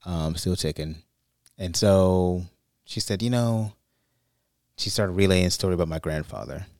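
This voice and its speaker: A man co-hosting a podcast, telling a family story in a rambling, animated way. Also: low voice, measured pace, dry recording, clean studio sound. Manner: rambling, restarts and fillers, animated when quoting. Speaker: podcast co-host. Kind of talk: casual chat, storytelling.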